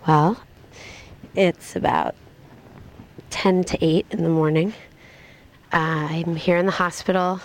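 A young woman recording an audio diary in her hospital room, speaking quietly and reflectively. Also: fairly low pitch, steady tone, slow, long pauses. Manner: quiet, reflective, plain-spoken. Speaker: patient.

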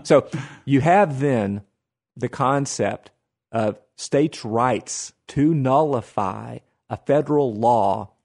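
Wry gravelly-voiced man talking history. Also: mid-range voice, slow, a little mellow. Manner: wry, folksy, laughs while explaining. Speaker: history podcast co-host. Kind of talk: casual history discussion.

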